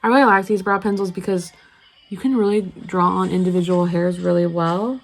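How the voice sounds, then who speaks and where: A woman's voice: lowish voice, fairly even intonation, brisk, faint music behind, rough recording. A young woman vlogging casually, rambling through a story while she does her makeup. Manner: rambling, chatty, lots of fillers. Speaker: beauty vlogger.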